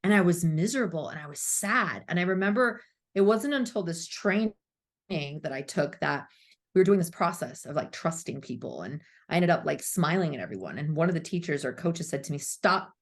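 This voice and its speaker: In a low voice with lively intonation and a fairly quick pace, a woman in her thirties who works as a spiritual coach shares her story as a podcast guest. The interview is emotional, and she talks frankly, swears liberally, and voices her former self.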